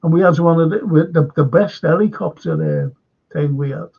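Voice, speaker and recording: An older Liverpool-accented man hosts a live current-affairs stream, rambling chattily and greeting viewers from the chat. His voice is slightly high, fairly quick, husky and touched with vocal fry, and the stream audio is dull and lo-fi.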